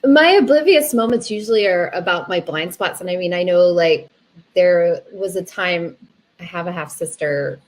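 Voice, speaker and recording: A woman's voice: fairly low pitch, moderate pace, low-quality recording. A woman on a livestream panel telling a personal story in a hesitant, earnest way. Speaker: podcast panelist. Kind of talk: casual chat.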